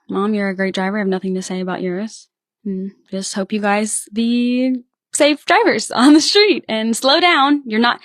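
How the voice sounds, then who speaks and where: A young woman, from Louisiana, co-hosting a podcast in casual chat and telling animated stories with quoted voices. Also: a little high, dry recording, studio quality. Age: young adult. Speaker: podcast co-host.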